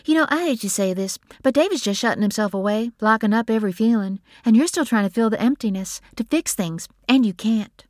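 A woman's voice: on the high side, expressive, a little fast, hardly any pauses, darkish tone, no echo, clean studio sound, voice pushed up, close to an everyday voice. A woman voicing a blunt, caring adult sister in a read story, speaking insistently. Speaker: pharmacist.

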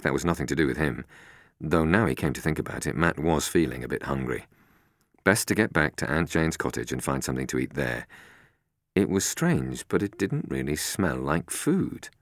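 A man reads a suspense story in a very deep voice. His pitch swings widely, building tension from line to line. The recording is close and dry. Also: no room sound. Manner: tense, suspenseful reading. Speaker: narrator. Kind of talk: storybook narration.

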